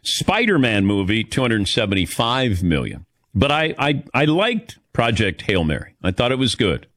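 A man's voice: lowish voice, moderate pace, no room sound, studio quality. A man hosting a casual chat show, telling stories animatedly and calling on his co-hosts. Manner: animated storyteller, calls on co-hosts. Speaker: host.

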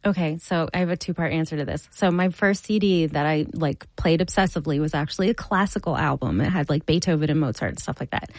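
A woman in her forties speaking as an interview guest, earnest and lively as she talks about her music. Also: on the low side, no room sound, poor audio. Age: 40s.

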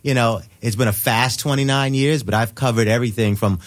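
A man's voice: mid-range voice, a little fast. A man in his fifties with a Bronx New York accent, a veteran news reporter telling stories as a guest in a radio interview and acting out quotes. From New York City. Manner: animated storyteller, acts out quotes.

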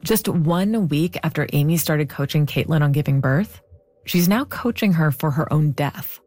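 A woman narrating a podcast story in a measured, composed way. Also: deep voice, lively intonation, dry recording. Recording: soft music bed underneath.

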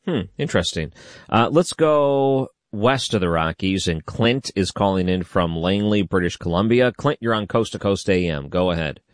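A man hosting a late-night call-in radio show, calm and measured as he takes callers and asks questions. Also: low-pitched, dry recording, studio quality. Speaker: radio host.

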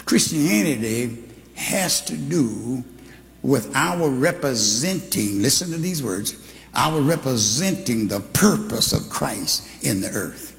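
A man preaching a sermon, telling his testimony with animated storytelling that rises into fervent preaching. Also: mid-range voice, creaky. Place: church sanctuary. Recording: long hall reverb.

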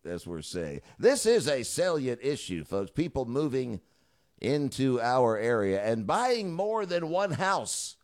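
A man's voice: medium pitch, very animated, slow pace, darkish tone. Chatty middle-aged male radio host. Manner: chatty, with joking asides. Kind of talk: talk radio monologue.

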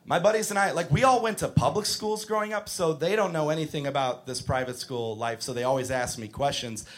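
A man in his thirties doing a stand-up comedy set, telling stories with animated delivery and bursts of shouting. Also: fairly high pitch, brisk. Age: 30s.

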